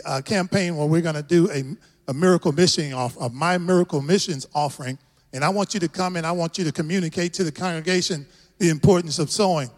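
A man with a Texas drawl preaches in a big church, his high voice ringing out with a long reverb tail. He is middle-aged and rousing, calling out to the congregation and waiting for them to answer back. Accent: Texan. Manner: rousing, call-and-response with the congregation. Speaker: guest pastor. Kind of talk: sermon. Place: large church hall.

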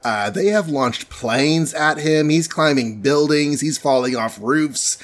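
A man casually recapping a comic book story on a podcast, playfully acting out the characters' lines. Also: fairly high pitch. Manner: playful, acts out characters in quick voices.

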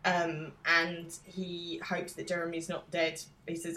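Woman, lowish pitch, wry, giggly, casual podcast chat. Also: little pitch movement, normal speed, pushed and bright, slight background noise, low-quality recording. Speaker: podcast co-host. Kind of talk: casual chat recapping a TV episode.

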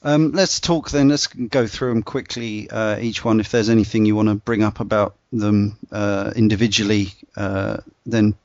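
A man's voice: lowish voice, steady tone, normal speed, few pauses, no echo. A man hosting a casual discussion, rambling with many fillers and restarts. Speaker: podcast host. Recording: dull dry lo-fi sound.

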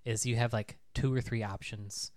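A man's voice: mid-range voice, steady tone, moderate pace, a little mellow. A man chatting casually, telling rambling stories and laughing at himself. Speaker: podcast guest. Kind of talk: casual chat.

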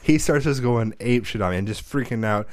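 A man in his thirties, a podcast co-host, telling rowdy, profane stories and shouting when he acts out scenes. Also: mid-range voice, a little fast, no room sound. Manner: profane, animated storyteller who shouts when reenacting. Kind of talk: casual chat.

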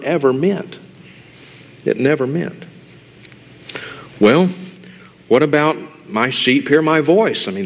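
A man's voice: medium pitch, long reverb tail. A man giving an emphatic, conversational sermon, explaining scripture verse by verse and addressing listeners as dear ones. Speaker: Bible teacher. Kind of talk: expository sermon.

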